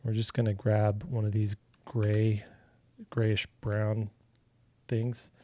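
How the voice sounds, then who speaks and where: Mellow, easygoing man teaching digital coloring. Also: on the low side, slow. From Arizona, USA. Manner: relaxed and chatty, with filler words and restarts, talking while he works. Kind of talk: casual live drawing tutorial.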